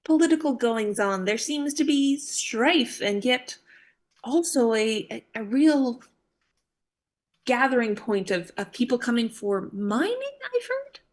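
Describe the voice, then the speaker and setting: A woman's voice: a little high, big pitch swings, unhurried. A woman voicing a shrewd trader who haggles in a coy, wheedling, playful way. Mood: haggling.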